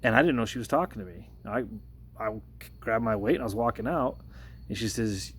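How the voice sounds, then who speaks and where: A man's voice: lively intonation, fairly quick, a bit bright, a little hiss or hum. A man telling a personal story to a phone camera in a casual vlog, earnest and hesitant, with many restarts. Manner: earnest, hesitant, many restarts, rises in pitch when retelling the confrontation. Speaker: workplace de-escalator.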